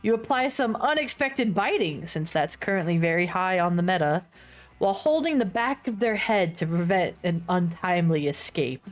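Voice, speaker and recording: A young woman streamer narrating a visual novel aloud in a dry, deadpan read. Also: fairly low pitch, moderate pace, soft background music. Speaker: streamer reading a dating game.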